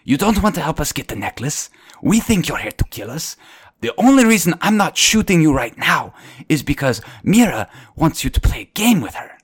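A man's voice: a little high, big pitch swings, moderate pace, breathy edge, voice pushed up. A man voicing a hostile, sarcastic boy who protects his little sister, speaking in a sneering, threatening way.

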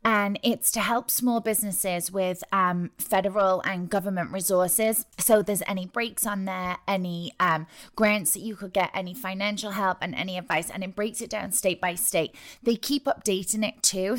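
A woman in her thirties, originally from the north of England, with an accent mixed with New York sounds, co-hosting a podcast in a brisk, matter-of-fact way. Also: mid-range voice, fairly even intonation. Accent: northern English mixed with New York. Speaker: podcast co-host. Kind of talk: casual podcast chat.

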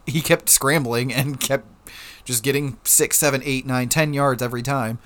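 A man's voice: medium pitch, fairly even intonation, normal speed, fairly bright tone. A young man co-hosting a casual fantasy football podcast, chuckling often as he reads out stats. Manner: laid-back, chuckling, reads stats aloud. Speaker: podcast co-host.

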